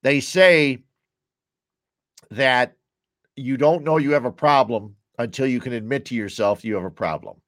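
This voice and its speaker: A man's voice: medium pitch, unhurried, pauses often, fairly bright tone, dry recording, clean studio sound. A man with a Chicago-area American accent hosting his own show, chatting casually and rambling from topic to topic while sipping a beer at home. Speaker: podcast host. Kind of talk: casual solo chat while drinking beer.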